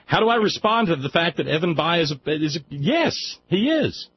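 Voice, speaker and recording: A man hosts a call-in radio show in a lively, swinging voice. He chats loosely, laughs often and restarts his sentences. The audio is a little dull, with faint noise underneath. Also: fairly high pitch, normal speed. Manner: chatty and animated, laughs easily, restarts a lot. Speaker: radio talk show host.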